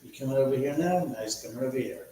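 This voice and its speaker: A man's voice: medium pitch, racing, mellow. A middle-aged man hosting a casual livestream from home, telling rambling stories and reading viewer comments aloud. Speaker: livestream host. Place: large echoey room at home. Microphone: laptop mic from a distance. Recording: very echoey, distant, faint hum.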